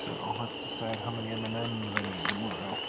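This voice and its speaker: A man on a camping trip, making dry, low-key remarks in casual chat. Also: steady tone, a little fast, very noisy. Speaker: camping companion.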